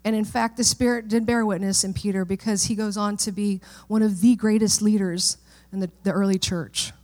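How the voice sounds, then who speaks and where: A woman's voice: medium pitch, steady tone, moderate pace, a little mellow. A middle-aged woman pastor preaching a sermon in a church, in a conversational way that often checks in with the listeners.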